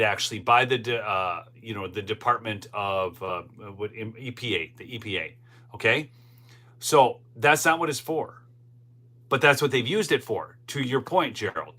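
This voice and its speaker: With a medium-pitched, sharp-toned voice, a man hosts a political commentary livestream. He reads the chat and comments casually, rambling in a conversational way and tagging "okay?" to the audience again and again.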